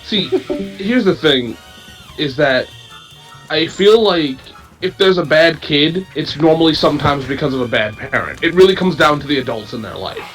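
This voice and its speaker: A man who is a parent, speaking in a measured, thoughtful way in a casual chat. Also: on the high side, expressive, fairly bright tone, faint music behind, poor audio.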